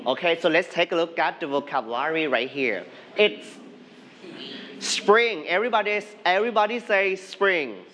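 A man with a Thai accent leads a classroom English lesson, his voice sitting somewhat high for a man. He is patient and coaxing, slowing his words right down so the class can repeat after him. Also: bright, forceful tone. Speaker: English teacher.

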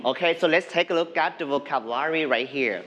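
A man's voice: fairly high pitch, brisk, fairly bright tone. A man with a Thai accent teaching an English class, prompting students and having them repeat phrases back. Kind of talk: classroom language drill.

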